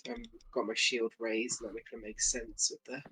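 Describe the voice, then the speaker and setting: A man's voice: mid-range voice, flat delivery, moderate pace, bright, forceful tone, a little hiss or hum, rough recording. A man playing a tabletop role-playing game, talking through his character's actions hesitantly, with many fillers. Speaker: player. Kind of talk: casual tabletop game talk.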